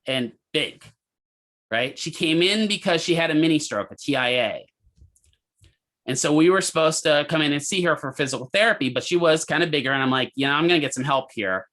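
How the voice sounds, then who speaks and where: A man teaching a physical therapy class, telling a hospital story in a lively way and asking students questions. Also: a little high. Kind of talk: lecture with a clinical story.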